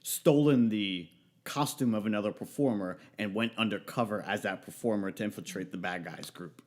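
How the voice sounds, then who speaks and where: A man's voice: lowish voice, moderate pace. Rambling man telling a wrestling story. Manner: rambling, with many fillers and restarts. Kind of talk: casual storytelling on a livestream.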